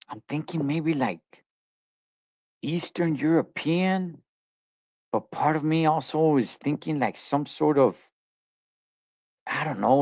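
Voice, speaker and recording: A man's voice: a little high, no room sound, lo-fi sound. A man, talking in a blunt, slangy, skeptical way as a trucker streamer reacting to a video. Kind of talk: casual reaction commentary.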